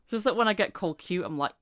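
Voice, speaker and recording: A woman's voice: mid-range voice, dry recording, studio quality. A woman hosting a casual podcast chat, telling stories with giggles and acting out what people said. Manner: animated storyteller, giggly, acts out quotes. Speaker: podcast host.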